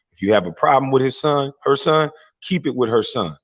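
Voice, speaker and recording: A man delivers a heated live-stream rant. His voice sits at an ordinary pitch, blunt and profane, and he swings into loud mocking voices when he quotes his rivals. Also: a little fast.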